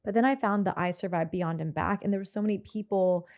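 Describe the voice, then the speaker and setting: A woman's voice: medium pitch, fast, darkish tone. A young adult woman hosting a podcast, talking in a chatty, enthusiastic and openly emotional way. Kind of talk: casual conversation.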